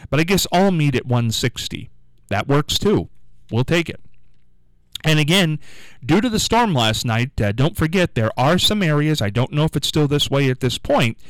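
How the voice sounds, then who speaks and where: A man's voice: medium pitch, smooth, no room sound, rough recording. A man hosting a local call-in radio show, rambling and chatty with lots of fillers. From United States. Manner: rambling, chatty, self-amused, many fillers. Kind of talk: casual call-in radio chat. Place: radio studio.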